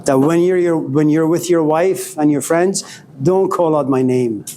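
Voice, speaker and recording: A man's voice: a little high, unhurried, slight background noise. A man giving a philosophy lecture to a class, telling stories and acting out the voices in them. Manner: animated storytelling, acts out quoted voices.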